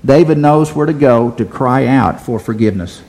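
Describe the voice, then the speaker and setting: A man's voice: medium pitch, normal speed, darkish tone. A man preaching a sermon, asking the congregation rhetorical questions and repeating phrases for emphasis.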